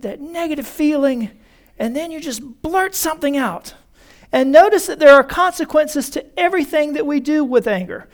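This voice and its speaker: A male pastor preaching a conversational sermon in a church, calling his congregation folks. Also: very high voice.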